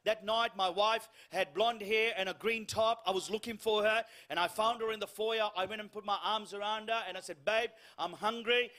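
A middle-aged man preaching a sermon, telling humorous stories about himself in a lively, animated way. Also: sits high, moderate pace, hardly any pauses. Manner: animated storytelling with self-deprecating humor. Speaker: guest preacher.

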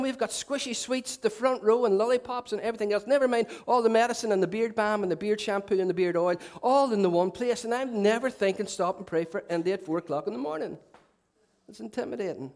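Brief: male pastor, higher-pitched voice, loose joking sermon style. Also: a little mellow. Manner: chatty, self-mocking humour with asides. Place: church. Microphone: handheld mic.

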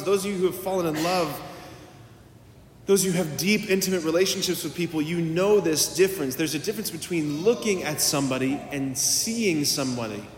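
A man's voice: on the high side, a little hiss or hum. A man, a priest, delivering a homily in a conversational storytelling manner, acting out quoted dialogue. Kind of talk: sermon. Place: church. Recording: echoey church from a distance.

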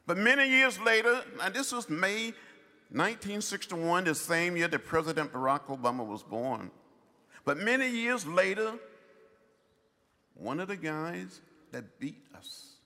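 Older man's rolling, lively oratory. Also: fairly high pitch, big-room sound. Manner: measured, rhythmic oratory with long pauses. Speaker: commencement speaker. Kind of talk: commencement address. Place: large outdoor ceremony.

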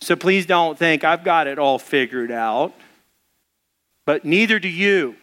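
A male pastor preaching an animated sermon, acting out the voices of the people in the story as he goes. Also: fairly high pitch, measured pace.

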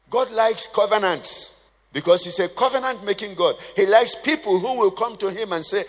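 A man's voice: sits high, moderate pace. A man preaching a sermon, conversational and humorous, quizzing his congregation with questions. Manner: humorous asides. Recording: long hall reverb.

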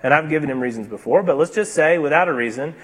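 A man preaching a sermon, moving between emphatic, raised passages and hushed, slow, deliberate ones. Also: fairly high pitch, slightly rough. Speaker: pastor.

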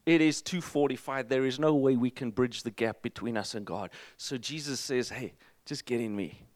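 A man preaching a sermon as pastor, energetic and emphatic, with jokes to the congregation. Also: mid-range voice, normal speed, dry recording.

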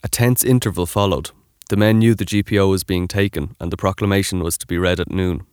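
A man giving scripted documentary narration in an even, informative way. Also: sits low, fairly quick, clean tone, no echo, studio quality.

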